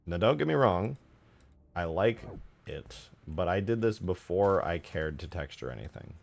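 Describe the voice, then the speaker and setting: Male streamer, low-pitched, laid-back chatty narration over soft background music. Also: moderate pace, vocal fry. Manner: relaxed, self-correcting, rambling. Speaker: modding streamer. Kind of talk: casual commentary while modding.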